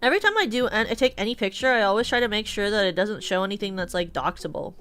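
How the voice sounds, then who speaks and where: A woman's voice: mid-range voice, expressive, fast, fairly bright tone, soft background music. A young woman with a West Coast American accent, chatting casually on her stream in a rambling way, full of fillers and restarts. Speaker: VTuber streamer. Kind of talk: casual chat.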